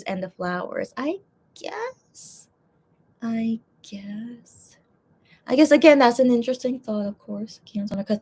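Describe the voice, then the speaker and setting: Congested woman rambling her opinions. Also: mid-range voice. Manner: rambling, opinionated, many fillers and restarts. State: congested, coughing. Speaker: host reacting to concept photos. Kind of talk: casual chat reading viewer comments.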